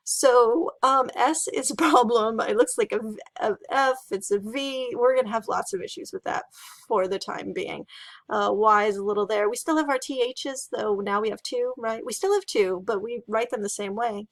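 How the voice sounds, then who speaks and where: A woman giving a casual, chatty history lesson, talking with fillers and quick asides. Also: on the high side, dry recording. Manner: chatty, animated, with fillers and laughs. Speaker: teacher. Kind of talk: casual lecture.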